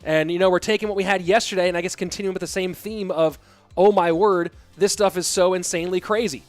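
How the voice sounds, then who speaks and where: Excitable high-voiced male esports caster. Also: quick pace, no room sound. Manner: chatty, reads out viewer messages between plays; excitable, voice jumps up at big plays. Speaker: esports caster and stream host. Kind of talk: live play-by-play game commentary.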